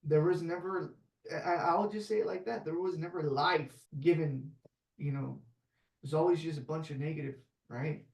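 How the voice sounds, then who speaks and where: A man's voice: fairly high pitch, fairly even intonation, moderate pace, gravelly, darkish tone. A man hosting a casual podcast conversation, heartfelt and open about his feelings, dropping "man" and "like" as he speaks. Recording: echoey room, off-mic.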